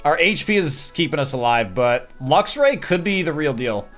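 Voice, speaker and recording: A man's voice: fairly high pitch, expressive, normal speed, fairly bright tone, soft background music. A man from Wisconsin streaming a game with casual commentary, chatty and self-deprecating as he thinks aloud.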